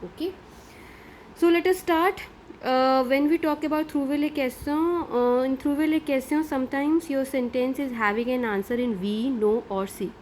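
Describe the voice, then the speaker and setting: A middle-aged woman teaches a French grammar lesson. She explains each step patiently and keeps checking in with her students. Her voice sits a little high, with a faint hiss of background noise. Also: steady tone, normal speed, darkish tone.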